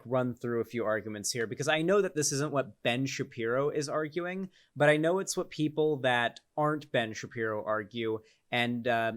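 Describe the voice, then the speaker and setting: A man's voice: mid-range voice, a bit bright. A man giving casual, sarcastic commentary, rambling with restarts and filler words. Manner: sarcastic, exasperated. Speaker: political commentary YouTuber.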